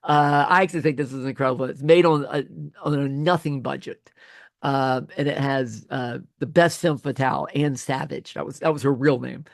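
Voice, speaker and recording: Chatty man lecturing, gravelly voice. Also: medium pitch, steady tone, normal speed, no echo, clean studio sound. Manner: chatty, self-correcting with many restarts. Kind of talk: casual classroom lecture.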